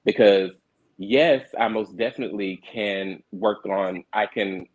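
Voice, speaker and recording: A man's voice: on the low side, unhurried, dull audio. A young adult man, a reality show cast member and producer, earnestly explaining himself in a candid panel discussion, often repeating words as he restarts.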